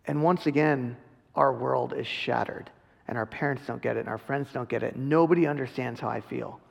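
A man's voice: mid-range voice, normal speed, gravelly. A man in his thirties preaching a sermon in a casual, earnest way, slipping into quoted voices. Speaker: pastor. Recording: long reverb of a large hall.

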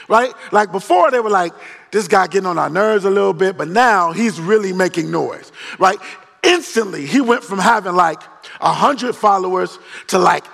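A male pastor preaching a storytelling sermon, joking in slangy, animated retelling. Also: high voice, creaky. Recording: long reverb of a large hall.

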